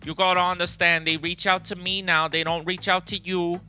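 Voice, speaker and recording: A man mimicking a pushy, insistent female lawyer with a New York accent, his voice pitched well up. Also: little pitch movement, normal speed, sharp tone, faint music behind. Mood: warning.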